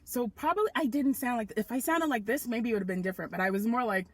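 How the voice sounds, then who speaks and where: A woman of about thirty from Nigeria, speaking with an American accent, co-hosting a comedy podcast and telling a story with animated, self-mocking energy. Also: a little high, fast, heavy background noise. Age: around 30. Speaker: podcast co-host. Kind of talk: comedic casual chat.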